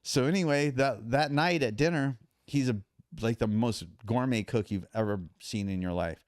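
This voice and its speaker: A man, a podcast guest and endurance athlete, telling animated stories in casual talk with many restarts. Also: medium pitch, normal speed, no room sound, clean studio sound. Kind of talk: casual storytelling.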